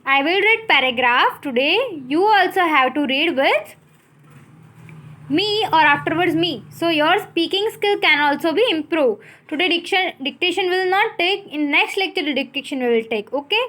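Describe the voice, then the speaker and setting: A woman teacher with an Indian English accent, giving a recorded English lesson, explaining words slowly and spelling them out letter by letter. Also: very high-pitched, animated, bright, forceful tone.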